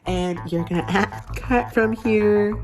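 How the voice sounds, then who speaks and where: A woman hosting a comedic cooking vlog in a crude, profane and playful way, often talking half-hushed. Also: medium pitch, slow. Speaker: vlogger.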